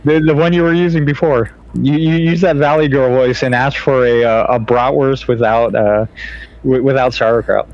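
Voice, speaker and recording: Male podcast host, mid-pitched, teasing, stammers; slightly dull lo-fi recording. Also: steady tone, moderate pace, a little mellow, dry recording. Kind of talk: casual chat.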